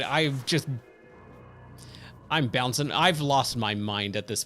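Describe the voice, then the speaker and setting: A man's voice: mid-range voice, slow, long pauses, fairly bright tone, soft background music. A man giving casual, rambling commentary as he streams a game, thinking aloud and wandering off into tangents. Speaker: gaming streamer.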